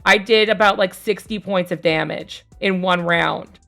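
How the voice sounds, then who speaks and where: A young woman streamer casually telling a tabletop game story, rambling with fillers and casual swearing, growing more animated as it goes. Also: medium pitch, unhurried, vocal fry, faint music behind. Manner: gets louder and more animated as the story builds.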